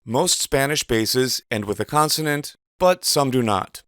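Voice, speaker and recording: Man narrating a measured, dry lesson. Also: mid-range voice, lively intonation, fairly bright tone, no echo. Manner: measured, precise explanation. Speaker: teacher. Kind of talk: scripted instructional narration.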